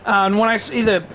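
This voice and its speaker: A man's voice: high voice, sharp tone, a little hiss or hum. Chatty laughing male streamer. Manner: chatty and rambling, laughs often. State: coughing, sleep-deprived. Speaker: game streamer. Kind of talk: casual live-stream commentary.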